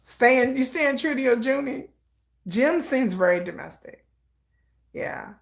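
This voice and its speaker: A woman giving casual live reaction commentary, gossiping in an animated way and acting out quoted lines. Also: high-pitched, unhurried, vocal fry.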